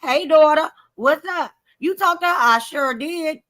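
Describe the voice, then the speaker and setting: A woman's voice: high-pitched, a little slow, fairly bright tone, no room sound, low-quality recording. A woman in a casual chat who talks bluntly and swears freely.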